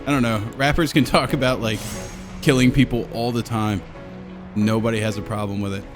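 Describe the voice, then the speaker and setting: A young adult man talks in loose, rambling commentary, crude and swearing, at an ordinary middle pitch. He jokes constantly and slips into silly put-on voices. Faint music plays quietly behind him. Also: steady tone, a little fast.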